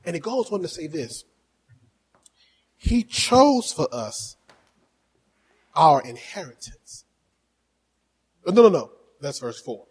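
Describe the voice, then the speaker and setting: High, husky-voiced preaching man. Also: big pitch swings, takes it slowly, long pauses, low-quality recording. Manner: fervent, swings from soft asides to shouting; exhorting the congregation. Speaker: pastor. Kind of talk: preaching a sermon.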